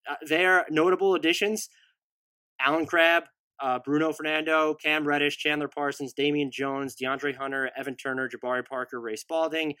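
Brief: male podcast co-host, bright forward tone, dry close sound, runs through lists quickly with asides. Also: fairly high pitch, fairly even intonation, no echo. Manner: rapid-fire roster lists, offhand asides. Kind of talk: casual sports podcast analysis.

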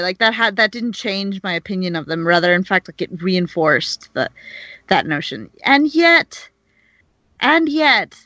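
A woman's voice: mid-range voice, pushed and bright, no echo, muffled recording. A woman in casual podcast chat, opinionated and rambling, full of restarts and fillers. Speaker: podcast co-host discussing a TV show.

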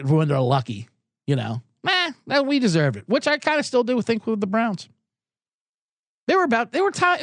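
A man hosting a sports betting podcast alone in a small recording booth, rambling comically, loud and excitable, swinging from shouting to mumbling. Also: sits high, no echo, studio quality. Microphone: studio microphone.

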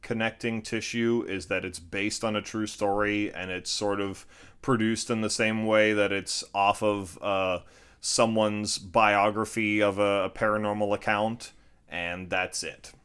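A man's voice: lowish voice, little pitch movement, measured pace, a bit bright, clean tone. A man from Florida co-hosting a casual film review podcast, dry and sarcastic in his remarks.

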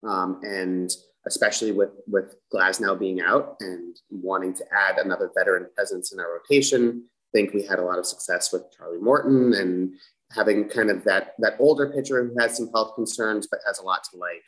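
A man answering interview questions in a measured, explanatory way. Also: deep voice, a bit bright, low-quality recording. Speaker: team executive.

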